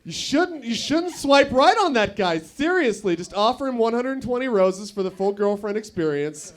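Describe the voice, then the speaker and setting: A young man performing stand-up at a bar open mic, his voice sitting noticeably high. He rambles through crude jokes and keeps stopping to banter with the audience. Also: big pitch swings, normal speed. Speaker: stand-up comedian.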